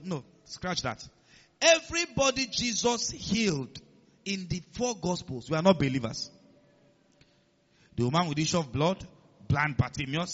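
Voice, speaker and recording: A man's voice: high-pitched, fairly bright tone, lo-fi sound. A man preaching a sermon, emphatic, quoting scripture and calling on the congregation to follow along. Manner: emphatic, calls on the congregation to respond.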